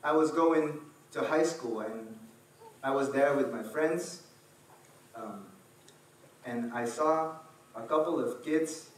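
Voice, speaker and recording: A man's voice: medium pitch, slow pace, pauses often, a little hiss or hum. Man telling a story in an echoey hall. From Netherlands. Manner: animated, acts out scenes, fillers and restarts. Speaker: speaker. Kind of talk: personal storytelling speech. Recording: echoey hall from far off, faint ambience.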